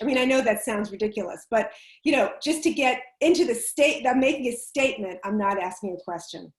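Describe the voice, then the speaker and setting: Speaking quickly in a slightly high voice, a woman public speaking coach explains her advice in a chatty, emphatic way with easy laughter. The video call recording carries a roomy echo.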